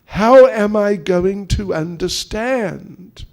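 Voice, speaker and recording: Guy doing a teasing young god-prince, slow and earnest, kinda gravelly. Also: high voice, animated, darkish tone, full character voice. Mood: amazed. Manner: pleading, emphatic questioning. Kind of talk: acted quotes within a sermon.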